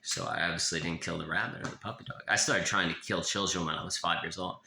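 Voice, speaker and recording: Deep gravelly man in an echoey room. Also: steady tone, pushed and bright, slight background noise. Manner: blunt, profane, halting with many restarts. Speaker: author of a self-help memoir. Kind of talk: confessional monologue.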